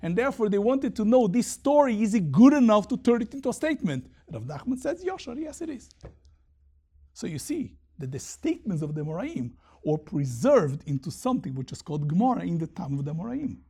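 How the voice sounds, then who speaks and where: A man teaching a Talmud lesson, reading Aramaic passages and explaining them in lively English. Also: sits high, fairly quick, slightly rough.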